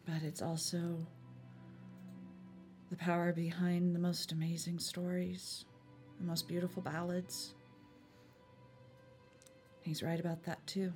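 A woman playing a tabletop role-playing game, speaking in a measured, reflective way in character. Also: lowish voice, completely flat delivery, darkish tone, soft background music. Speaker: player.

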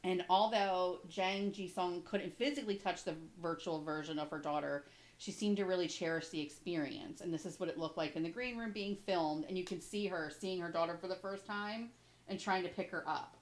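A woman's voice: on the low side, poor audio. Emotional chatty woman co-host. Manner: emotional, gushing, quick to tear up. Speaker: podcast co-host. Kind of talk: casual chat.

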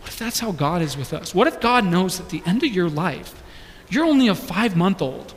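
A man's voice: high voice, big pitch swings, moderate pace, slight background noise. A young man preaching a sermon, earnestly asking the congregation question after question. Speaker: pastor. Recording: long hall reverb.

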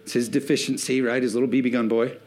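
A man's voice: medium pitch, flat delivery, fast talker, a little mellow, soft background music. A man preaching a sermon to a church congregation in a loose, conversational way, mixing jokes into his message. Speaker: pastor. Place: church sanctuary before a congregation.

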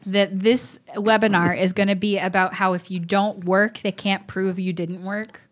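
A woman's voice: medium pitch, little pitch movement, normal speed. Woman podcast host, playful and teasing, laughing banter. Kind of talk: casual comedic podcast chat.

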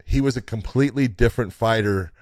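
A man's voice: medium pitch, fast talker, darkish tone, no room sound. A man co-hosting a podcast, explaining his view steadily and building it on analogies. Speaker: podcast co-host. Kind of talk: casual podcast conversation.

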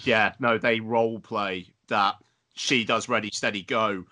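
A man's voice: on the low side, fairly even intonation, a little slow, bright, forceful tone. A man co-hosting a podcast, rambling and emphatic in casual banter, swearing freely. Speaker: podcast co-host.

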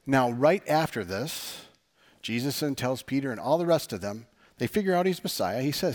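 A man's voice: medium pitch, animated, moderate pace. A man preaching a sermon as pastor, talking conversationally, asking the audience rhetorical questions and using dry sarcastic humor.

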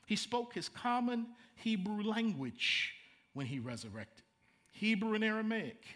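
A man's voice: high voice, expressive, measured pace, a bit bright. A middle-aged man, preaching a sermon in a conversational way, repeating words and making asides to the congregation. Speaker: pastor.

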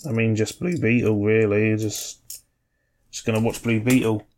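A man's voice: on the low side, level tone, moderate pace, a little mellow, slight background noise. Rambling, sweary male podcast co-host. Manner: rambling, sweary, enthusiastic about film trivia. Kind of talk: casual chat.

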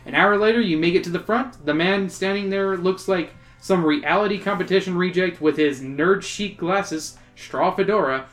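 A woman's voice: lowish voice, faint music behind. A woman co-hosting a casual podcast, joking with friends and reading a choose-your-own-adventure book aloud. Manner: laughing, joking, reads narration slowly.

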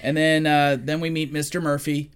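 A woman's voice: deep voice, level tone, smooth. Woman co-host, casual movie recap, chatty and rambling. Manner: chatty, trailing off and restarting, quick asides.

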